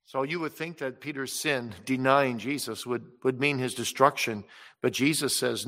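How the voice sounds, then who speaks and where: A man preaching a sermon with passion, rising loud when he voices Jesus and dropping soft and low when he pleads. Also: moderate pace. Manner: impassioned, swells loud on quoted words of Jesus and drops soft on pleading. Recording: long reverb of a large hall.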